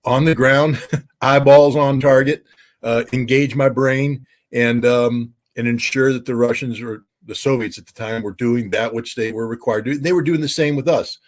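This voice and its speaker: A man's voice: medium pitch, steady tone, moderate pace. An American man, a former weapons inspector, giving interview commentary, emphatic with many fillers and restarts.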